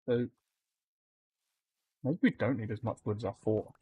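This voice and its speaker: A man of middle pitch talks on a desk mic while he plays, easygoing and full of filler words as he greets viewers one by one. He mentions that his accent can be hard to understand. Soft clicking sits faintly behind his voice. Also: a little slow, slight background noise. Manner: chatty, greets viewers by name, frequent ums. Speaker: streamer. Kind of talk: casual live-stream chat.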